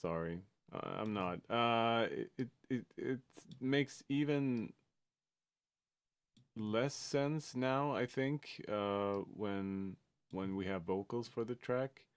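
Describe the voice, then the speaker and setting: A man's voice: mid-range voice, slow, clear, resonant tone, no echo. A man from Sweden, a music producer talking casually on a livestream, hesitant and full of fillers and restarts.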